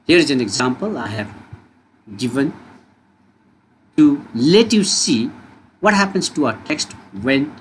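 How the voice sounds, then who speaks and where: A man teaching a lesson, explaining with an expressive delivery and frequent rhetorical questions. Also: mid-range voice. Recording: noisy recording with steady background noise.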